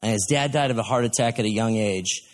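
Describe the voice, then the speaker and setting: A man's voice: lowish voice, fast. A man preaching a sermon in a folksy, conversational way, telling stories to his congregation.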